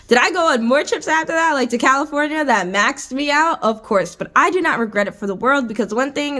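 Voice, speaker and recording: A young American woman in her twenties tells a story straight to her camera from an indoor room. Her voice sits fairly high, and she talks in a chatty, exasperated way, packed with "like" and "I was just like". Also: a bit bright. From United States. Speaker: vlogger. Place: indoor room with adjustable lighting.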